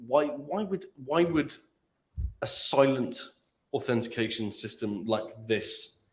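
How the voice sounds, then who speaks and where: A man in a meeting room, chatting casually about tech in a rambling, playful way full of halting restarts. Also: mid-range voice, expressive. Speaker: guest, tech industry worker. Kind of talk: casual chat.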